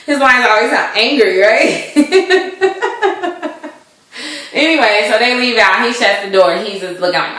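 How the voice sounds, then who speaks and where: A woman chatting casually as she recaps a TV episode, acting out the characters' lines in an animated way. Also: on the high side, a little slow, long pauses. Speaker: TV show reviewer. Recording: echoey room.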